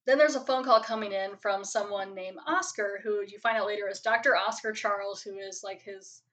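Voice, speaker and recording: A woman's voice: medium pitch, brisk, fairly bright tone. A woman hosting a podcast, chatting casually through an episode review in a rambling way, full of "like" fillers, on a poor home mic. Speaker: podcast host.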